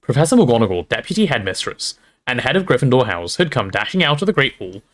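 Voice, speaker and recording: A man reading a storybook aloud to a livestream audience in an expressive, relaxed storytelling manner. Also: medium pitch, fast. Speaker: streamer reading aloud to chat.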